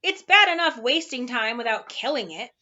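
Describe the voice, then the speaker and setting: A woman doing a gruff scolding watchdog. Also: fairly high pitch, sing-song, moderate pace, pushed and bright, dull audio. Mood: stern, scolding. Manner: growling, scolding, barking orders. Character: deep-voiced ticking watchdog, stern and impatient.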